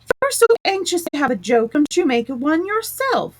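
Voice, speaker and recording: A woman voicing a young girl, polite and a little anxious, talking quickly. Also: sits high, very animated, pitched above the performer's own voice. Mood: fretful.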